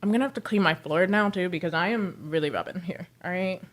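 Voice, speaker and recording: Talking fast in a lowish voice, this woman livestreams while selling clothes online. She chats with her viewers in a loose, slangy, friendly way as she works and laughs a lot.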